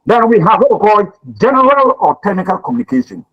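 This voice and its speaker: Animated man lecturing a class. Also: high voice, quick pace, dull audio. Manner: repeats words, animated questioning of class. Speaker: teacher.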